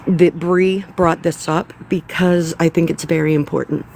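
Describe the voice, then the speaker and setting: A woman's voice: on the low side, fairly even intonation, a little slow, creaky, darkish tone, slight background noise. A woman hosting a casual commentary livestream, blunt and exasperated, repeating her points and swearing. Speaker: livestream host.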